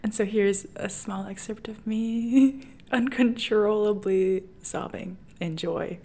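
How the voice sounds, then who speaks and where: A young woman hosts her own podcast, candidly telling a personal story, poking fun at herself and often laughing. Her mid-range voice is warm and slow.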